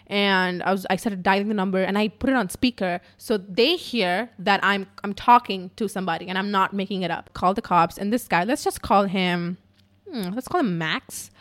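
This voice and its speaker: A woman's voice: medium pitch, moderate pace, a bit bright. A woman podcaster telling a personal story in casual, emotional speech, swearing often and filling with "like.". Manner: emotional, frequent swearing, lots of "like" fillers. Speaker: podcaster and YouTuber.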